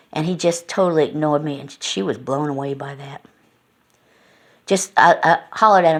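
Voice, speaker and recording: A woman's voice: deep voice, normal speed, pauses often. A middle-aged woman vlogging from home, telling a folksy, meandering story full of fillers. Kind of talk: casual rambling storytelling.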